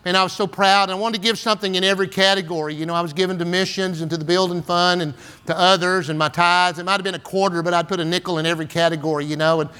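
A man's voice: high-pitched, fairly even intonation, racing, hardly any pauses, bright, forceful tone, smooth. Folksy preacher in his sixties. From San Antonio, Texas. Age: 60s. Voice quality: folksy, filler-heavy with "and, uh" and "man". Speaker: pastor. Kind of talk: storytelling sermon.

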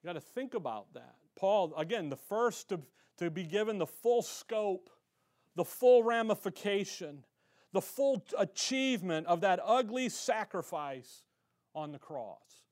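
Male pastor, higher-pitched voice, fervent and conversational sermon that builds in volume. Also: animated, unhurried, a little mellow. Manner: fervent, colloquial preaching that swells in volume. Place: church.

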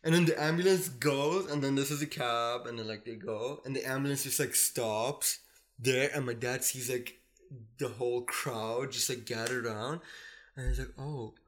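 A man's voice: mid-range voice, steady tone, normal speed. Guy on a podcast rambling thru a story, says like constantly, medium voice. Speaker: podcast guest. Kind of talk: casual storytelling.

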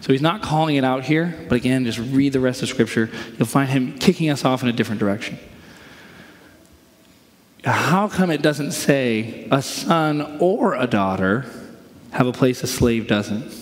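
A man's voice: medium pitch, expressive, moderate pace. A man in the middle of a sermon, talking easily and plainly, with a mid-range voice. He slips into little acted-out quotes as he walks through scripture. His voice rings out with a long reverb that carries through the church hall. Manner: conversational preaching with acted-out quotes. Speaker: pastor.

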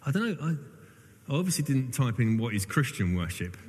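A man's voice: mid-range voice, very animated, fairly quick, a little mellow, a little hiss or hum. A clergyman preaching an informal sermon to his congregation, chatty and self-deprecating. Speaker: church clergyman. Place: large reverberant church hall. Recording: long hall reverb.

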